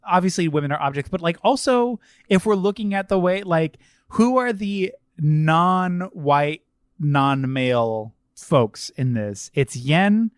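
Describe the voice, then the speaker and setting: A man's voice: fairly high pitch, expressive, takes it slowly, clear, resonant tone, dry recording, clean studio sound. A man co-hosting a podcast, chatting casually and animatedly about films, laughing and mocking put-on accents. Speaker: podcast co-host. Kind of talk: casual film-review chat.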